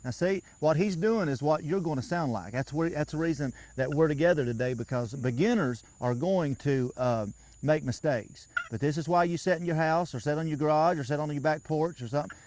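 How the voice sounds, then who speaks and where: A man's voice: on the high side, fairly quick, darkish tone, a little hiss or hum. A man giving a patient, folksy hands-on lesson outdoors, often repeating himself as he coaches a beginner. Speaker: turkey calling instructor.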